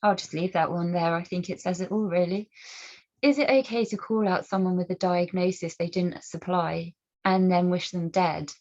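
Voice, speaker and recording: A woman with a low, darkish voice speaks earnestly to camera as a campaigner, keeping a steady tone at a moderate pace. She asks pointed rhetorical questions and often restarts her sentences while offering personal commentary and stories, captured in a dull lo-fi recording.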